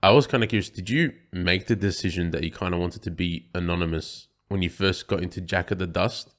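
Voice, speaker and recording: A man's voice: low-pitched, fairly quick, fairly bright tone. A man co-hosting a podcast, asking questions in a hesitant way with many fillers. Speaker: podcast co-host. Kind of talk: casual podcast interview question.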